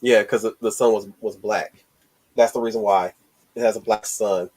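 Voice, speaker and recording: A man hosting a casual movie discussion stream, excited and rambling, with lots of restarts and swearing. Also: fairly low pitch, normal speed. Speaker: host.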